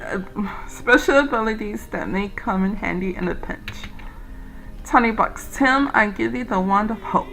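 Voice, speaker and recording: A woman voicing a calm, motherly tea-room lady who speaks in a gentle, measured way. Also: medium pitch, creaky, soft background music, low-quality recording.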